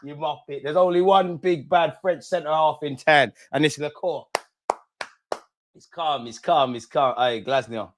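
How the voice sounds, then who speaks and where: A young man hosting a live football watch-along, chatting in street slang and shouting when goals go in. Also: fairly high pitch, measured pace, noisy background.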